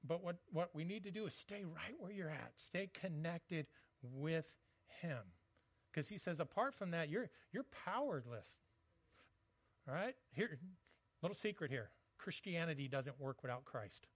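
A man's voice: on the high side, expressive, unhurried, dry recording, muffled recording. A male pastor giving a conversational sermon, often repeating words as he goes.

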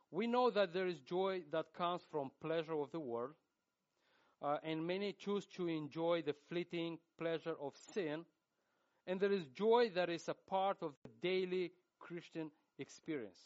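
A man preaching a sermon in English with a Russian accent, his first language Romanian. He speaks slowly and haltingly, voice a touch higher than most men's. The recording sounds dull and muffled. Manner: slow, halting delivery with frequent fillers and restarts.

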